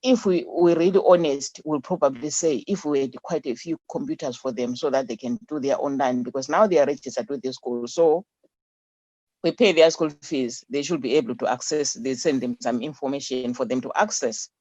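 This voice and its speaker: A woman founder being interviewed remotely, talking haltingly and repeating words as she searches for them. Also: very deep voice, mellow, dry recording. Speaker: charity founder, interview guest. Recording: dull, dry remote line.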